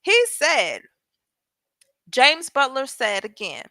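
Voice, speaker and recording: A woman's voice: high-pitched, big pitch swings, takes it slowly, long pauses, sharp tone, no room sound. A woman hosting legal commentary, reading a transcript aloud and breaking off to ask viewers pointed questions. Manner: talks straight to viewers, asking pointed questions.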